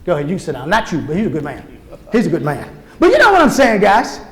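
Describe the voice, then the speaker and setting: A man's voice: high-pitched, huge pitch swings, fast talker. A man giving a conference keynote, talking emphatically and directly to the crowd in a large hall. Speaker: keynote speaker. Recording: echoey hall reverb.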